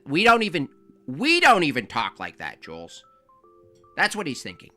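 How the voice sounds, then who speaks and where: A male livestream host riffs sarcastically on a clip he is watching. His voice is bright and cutting. His pitch swings around a lot. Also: wildly swooping pitch, moderate pace, pauses often, faint music behind. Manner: sarcastic, mocking, rambling. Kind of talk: comedic live commentary.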